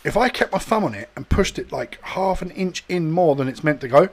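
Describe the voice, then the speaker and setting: A man's voice: a little high, expressive, a little fast. A young man telling crude, rambling stories in casual banter among friends, often slipping into silly voices. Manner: rambling storyteller, swears a lot, does silly voices.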